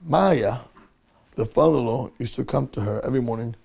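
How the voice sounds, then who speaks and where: A man's voice: a little high, brisk, gravelly. A male rabbi teaching a Torah class, telling a story with animation and acting out the people in it. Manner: animated storyteller who acts out the people in his tale.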